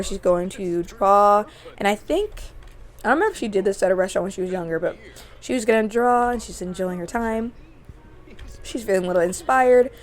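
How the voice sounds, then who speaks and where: Chatty young woman narrating her game. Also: medium pitch. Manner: chatty, easily excited, gasps and laughs. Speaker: gaming channel host. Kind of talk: let's-play commentary narrating a life-sim game.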